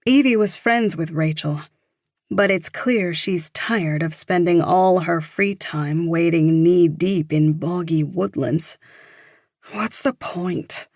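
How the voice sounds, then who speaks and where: A woman narrating a thriller audiobook in a measured, even storytelling manner. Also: on the low side, no echo, studio quality.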